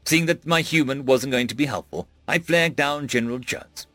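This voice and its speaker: A man narrating a sci-fi audiobook with expressive storytelling. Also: mid-range voice, moderate pace, dry recording.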